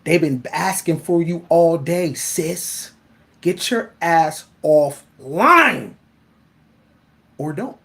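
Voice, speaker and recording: Male host, blunt and profane, animated casual monologue, laughs a lot. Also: on the high side, drawn-out words, vocal fry. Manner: laughs often.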